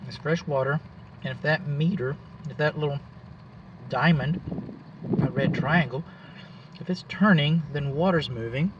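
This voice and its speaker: Walking around a house outdoors, a Texan home inspector gives folksy, plain-spoken narration at a measured pace, pausing often. His voice sits on the high side, and the lo-fi recording carries background noise.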